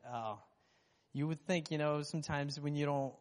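A man's voice: fairly high pitch, steady tone, normal speed, big-room sound. A worship leader, a man, sharing a candid, self-deprecating testimony with his church. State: recovering from lost voice. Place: church sanctuary.

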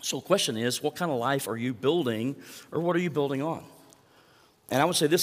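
A middle-aged man preaching a sermon as pastor, telling stories in an animated way that swings from hushed to loud. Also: mid-range voice, quick pace. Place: large church hall. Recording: long hall reverb.

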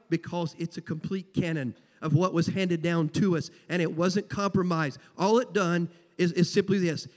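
Folksy Southern preacher, high voice. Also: male voice. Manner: folksy, emphatic, repeats key phrases. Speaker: pastor. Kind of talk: sermon. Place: church sanctuary. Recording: long church hall reverb.

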